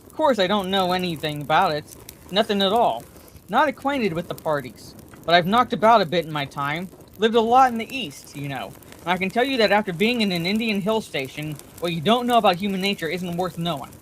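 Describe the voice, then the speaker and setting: A woman voicing a rambling, blustering older man with a hoarse, wheezy voice, in a bedtime story reading. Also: fairly low pitch, lively intonation, fairly quick, a little hiss or hum, close to an everyday voice.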